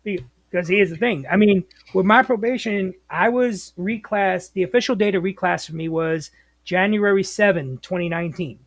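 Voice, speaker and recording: A man, a former bus operator telling stories as a podcast guest in a lively, slangy way. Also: sits high, moderate pace, no echo. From New York, US. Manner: animated, slangy, acts out quotes. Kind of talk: casual storytelling.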